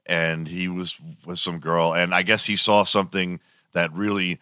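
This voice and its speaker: A man's voice: low voice, flat delivery, moderate pace, bright, forceful tone, clear, resonant tone, no room sound, studio quality. A man hosting a morning show, rambling through a crude, sarcastic comedic monologue.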